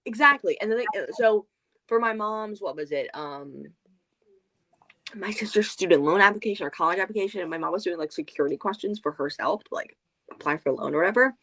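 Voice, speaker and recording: A woman co-hosting a book club livestream, chatting casually and going off on rambling, animated tangents. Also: medium pitch, fairly quick. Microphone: video call.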